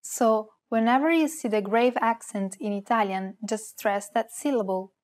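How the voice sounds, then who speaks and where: A woman co-hosting a beginner language lesson, reading her parts clearly and carefully. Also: on the high side, moderate pace, darkish tone. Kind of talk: scripted lesson with example words.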